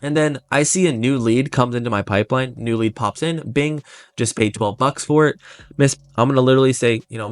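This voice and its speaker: Brief: male sales trainer, mid-pitched, blunt and intense delivery, dry close sound. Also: no echo. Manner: blunt, intense, fast bursts. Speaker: life insurance sales trainer. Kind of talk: motivational sales coaching talk.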